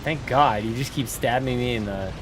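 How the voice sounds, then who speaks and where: A man co-hosting a gaming livestream, excitable and quick to react out loud. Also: medium pitch, background noise. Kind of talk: casual chat while gaming.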